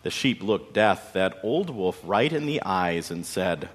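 Slow, dramatic male storyteller in a hall. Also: low voice. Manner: dramatic, expressive storytelling with folksy asides. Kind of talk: spoken story narration. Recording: long hall reverb.

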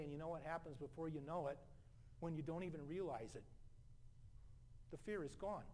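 A middle-aged man delivers a sermon in a notably high voice. He moves between loud, emphatic declarations and soft, hushed passages, like a pastor speaking from the pulpit. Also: slight background noise.

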